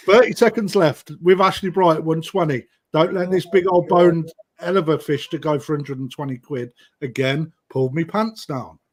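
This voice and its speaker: A man's voice: on the high side, moderate pace. A middle-aged British man hosting a live-streamed koi auction, chatting matily with viewers and calling out bids and time left. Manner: chatty, matey banter, calls bids and time.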